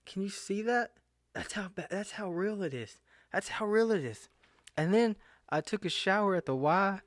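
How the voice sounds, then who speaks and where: A young man from the southern United States vlogs casually to camera, rambling, interrupting himself and growing incredulous. His high-pitched, fairly bright voice has no room sound and was captured through a computer screen recording.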